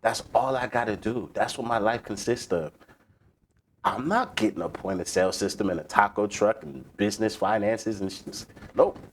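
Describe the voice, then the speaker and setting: A man's voice: on the low side, normal speed, a little hiss or hum. A man from the East Coast US hosting a live stream, chatting casually and profanely, ranting about food and reading chat messages aloud. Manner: profane, animated, rants and reads chat aloud. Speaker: livestream host.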